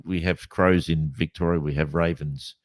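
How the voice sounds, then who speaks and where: A man's voice: rumbling low, moderate pace. An Australian man co-hosting a podcast, chatting casually and telling rambling stories full of restarts. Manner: rambling, animated storyteller with many restarts. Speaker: podcast co-host. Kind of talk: casual chat. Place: Western Australia.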